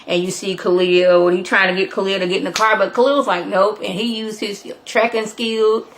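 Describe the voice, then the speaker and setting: Brief: animated female vlogger, casual chatty recap, lots of "like". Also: medium pitch, fairly quick, a little hiss or hum.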